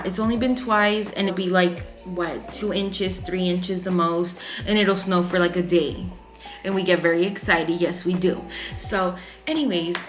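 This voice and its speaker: A woman in her twenties from Texas telling a story in a chatty, frank vlog, swearing freely and using lots of fillers. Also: mid-range voice. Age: 20s. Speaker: vlogger. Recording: echoey room with faint music.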